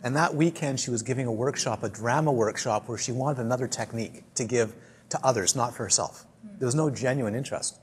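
A man with a husky, slightly rough voice gives a dharma talk to a live group. He speaks at a mid pitch in a loose storytelling manner and often circles back on his own words. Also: a little fast. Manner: storytelling, chatty, repeats and restarts. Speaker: dharma teacher.

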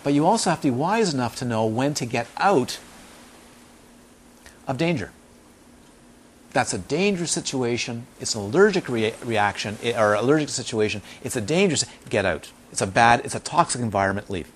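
Speaking at a moderate pace in a mid-range voice, a meditation teacher delivers a casual dharma talk full of lively stories, repeating points for emphasis and performing the voices of people he quotes. There's slight background noise.

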